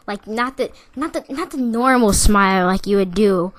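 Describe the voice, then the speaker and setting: With a mid-range voice and a moderate pace, a young woman rambles through a casual story about school. It's full of "like" and restarts, punctuated by bursts of laughter.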